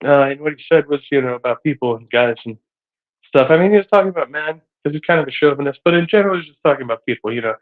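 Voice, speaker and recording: A man's voice: fairly high pitch, expressive, rapid-fire. A man streaming live, rambling casually with lots of hesitant fillers and a slightly breathless voice. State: a bit out of breath. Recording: tinny phone-like audio.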